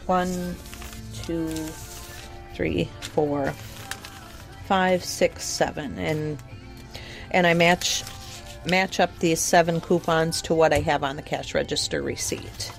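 A woman's voice: deep voice, fairly even intonation, takes it slowly, vocal fry, pauses often, faint music behind. A woman bookkeeper at a store, counting and explaining her routine in a matter-of-fact way. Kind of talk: explaining at work.

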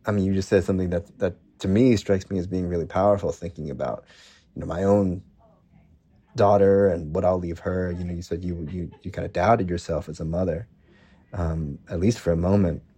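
A man's voice: deep voice, fairly even intonation, a little fast, mellow, husky. A man hosting a radio show, asking careful, thoughtful questions and closing the program. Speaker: radio host. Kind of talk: radio interview and show close.

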